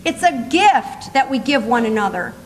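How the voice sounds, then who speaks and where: Older lady, high voice, animated funny speech, laughing a lot, big echoey hall. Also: normal speed. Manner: animated, laughing while telling stories. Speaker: motivational speaker. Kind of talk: humorous storytelling speech. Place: conference hall. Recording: echoey hall with faint room noise.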